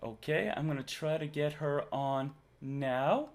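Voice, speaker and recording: A man's voice: fairly high pitch, a little slow. A man hosting a live stream in casual chat, joking and reading out the chat. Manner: jokey, reads chat aloud, laughs often.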